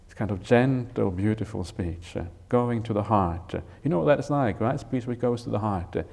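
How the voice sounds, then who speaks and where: Gentle, mellow-voiced male monk teaching. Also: on the low side, creaky. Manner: unhurried, gentle, with frequent "uh" fillers and "right?" checks. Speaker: Buddhist monk teaching a retreat. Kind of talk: Dharma talk explaining a scripture. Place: retreat hall.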